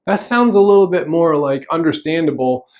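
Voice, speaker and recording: A man's voice: fairly high pitch, normal speed, a little mellow. A man, a pastor, giving a conversational sermon in a church, explaining scripture casually with fillers and restarts.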